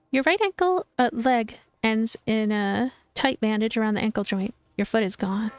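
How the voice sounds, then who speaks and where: A woman's voice: mid-range voice, gravelly, dry recording. A woman streaming a story game, reading its text aloud with casual asides. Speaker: gaming streamer. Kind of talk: game playthrough with read-aloud narration.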